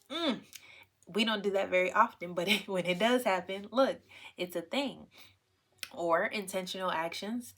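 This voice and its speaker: A woman's voice: on the low side, a bit bright. A young adult woman hosting a podcast, talking in a casual, emphatic way and often checking in with "right?" and "okay?". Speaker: podcast host. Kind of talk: casual solo podcast talk.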